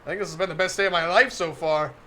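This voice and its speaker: A man's voice: high-pitched, steady tone, fast, pushed and bright, slight background noise. A man on a live stream reading a visual novel aloud, getting flustered, laughing often and breaking off to comment to his chat.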